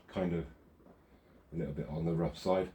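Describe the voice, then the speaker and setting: A man's voice: sits low, steady tone, moderate pace, warm tone, slight background noise. A man vlogging casually while building model railway scenery outdoors. He rambles, self-deprecating and chatty, with the odd curse. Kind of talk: casual hands-on craft commentary.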